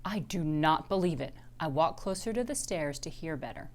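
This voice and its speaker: A woman reading a children's chapter book aloud, expressive in her delivery. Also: sits low, normal speed. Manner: expressive, animated. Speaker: reader.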